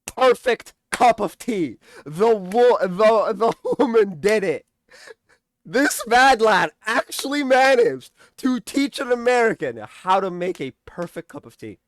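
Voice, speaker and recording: A man's voice: high voice, sing-song, no echo. Rambling, profane young man reviewing. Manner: rambling, profane, sarcastic, with quick mock quotes of characters. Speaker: TV episode reviewer. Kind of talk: casual recap and commentary.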